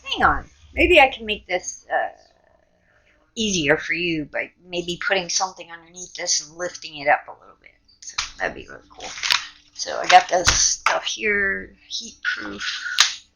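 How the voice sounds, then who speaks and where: A middle-aged woman hosting a casual art demo, excitable and swearing freely as she works, in her home studio. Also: fairly low pitch, measured pace, vocal fry. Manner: excitable, swearing, gasps and laughs at the results. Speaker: art tutorial host. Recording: loud heat gun noise behind.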